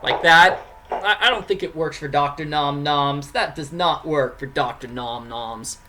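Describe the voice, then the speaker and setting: A man's voice: on the high side, unhurried, sharp tone, soft background music, rough recording. A man giving casual, rambling let's-play commentary as a streamer and game writer. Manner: rambling, many fillers and restarts.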